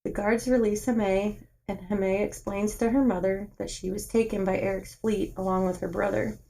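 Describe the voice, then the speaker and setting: A woman's voice: medium pitch, fairly even intonation, normal speed, creaky, warm tone, low-quality recording. A woman podcast co-host reading a book aloud and chatting casually, laughing easily.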